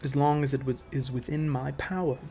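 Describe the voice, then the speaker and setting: A man voicing an elegant, possessive elven patron woman who speaks softly and coaxingly, calling others darling. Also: medium pitch, little pitch movement, fairly quick, faint music behind, natural voice. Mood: placating. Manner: purring, soft-spoken, keeps calling others darling.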